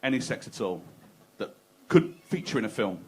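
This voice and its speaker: A man's voice: fairly low pitch, big pitch swings, normal speed, darkish tone. A man doing a crude, conversational stand-up set, teasing the crowd. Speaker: stand-up comedian. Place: comedy club stage.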